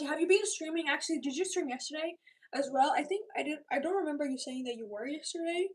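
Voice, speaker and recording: A woman's voice: high-pitched, lively intonation, fast talker, recorded from a distance. A woman in her thirties chatting casually on a livestream, reading viewer comments aloud and slipping into whispered asides, recorded on a device's built-in mic. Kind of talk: casual live-stream chat. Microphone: built-in device mic, not a dedicated microphone.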